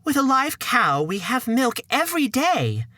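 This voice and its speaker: A man voicing a poor, fretful old mother in a wailing high falsetto in a storybook podcast. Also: wildly swooping pitch, a little slow, pushed and bright, no echo, studio quality, heavily acted. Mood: scolding.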